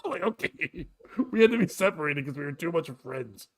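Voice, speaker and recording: A man's voice: on the high side, fairly quick. A man in his forties, a co-host telling stories in casual morning show chat and acting out scenes. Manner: animated storyteller, acts out scenes.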